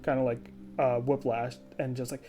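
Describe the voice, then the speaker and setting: A man's voice: mid-range voice, little pitch movement, moderate pace, mellow. A man narrating a tabletop game as game master, describing the scene casually with lots of fillers.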